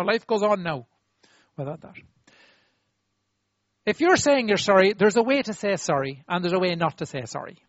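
A man with a high voice preaches with animated, demonstrative energy, acting out apologies and drawing the audience in. The sound is dry and a little dull. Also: no room sound. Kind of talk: sermon.

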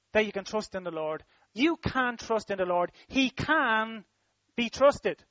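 A high-pitched man delivers a sermon in a repetitive, emphatic rhythm, swelling and then dropping his voice. The recording is dry and a little dull, with no room sound. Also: a bit bright, dry recording. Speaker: preacher.

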